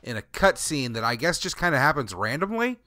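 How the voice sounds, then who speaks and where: A man with a bright, crisp voice makes offhand comments on a gaming podcast. His delivery is casual and low-key. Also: very animated, fairly quick, no echo. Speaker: podcast co-host.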